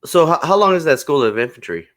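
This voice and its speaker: A man's voice: on the high side, very animated, fast talker, fairly bright tone. A man hosting a podcast, asking loose, casual questions full of "like" and "y'all". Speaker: podcast host.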